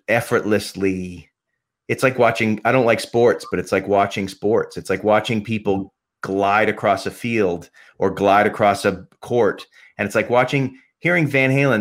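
A man talking as a podcast guest, rambling passionately about music, swearing freely and restarting his sentences. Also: fairly low pitch. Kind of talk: casual podcast conversation.

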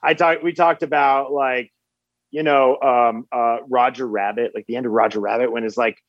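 A man being interviewed about his film, speaking in a halting way with many restarts. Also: medium pitch, fairly even intonation, no room sound, muffled recording. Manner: halting, repeats words while thinking. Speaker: film director guest. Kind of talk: casual interview chat.

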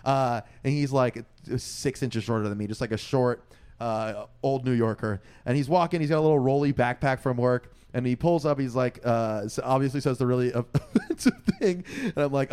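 A man's voice: a little fast, clear, resonant tone. A young man co-hosting a podcast, telling a story in casual chat and acting out the voices of the people in it. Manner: animated, acts out quoted voices with big pitch jumps. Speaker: podcast co-host.

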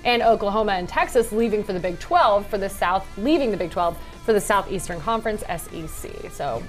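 Lady co-host doing a quick sports rundown, jokey, little music in back. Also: medium pitch, animated. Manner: brisk, joking. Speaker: morning show co-host. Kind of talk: reading sports news and casual chat.

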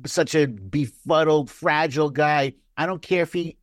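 A man in casual political chat, animated, acting out quotes with big jumps in pitch. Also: measured pace, no room sound, studio quality.

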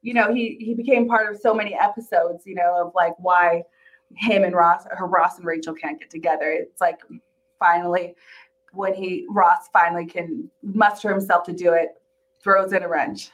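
A woman's voice: fairly low pitch, steady tone, moderate pace, poor audio. A woman co-hosting a podcast in a casual chat, laughing often and trailing off mid-sentence. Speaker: podcast co-host.

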